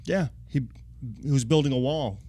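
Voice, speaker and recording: A man's voice: mid-range voice, moderate pace, warm tone. A man co-hosting a political podcast, chiming in with short sardonic agreements. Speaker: podcast co-host. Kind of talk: casual political podcast chat.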